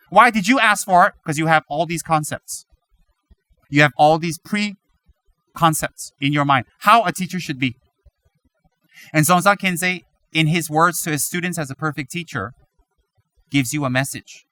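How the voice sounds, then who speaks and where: A man giving a Buddhist teaching, animated and dramatic, acting out his students' complaints. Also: on the high side, moderate pace, pauses often. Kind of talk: dharma teaching talk.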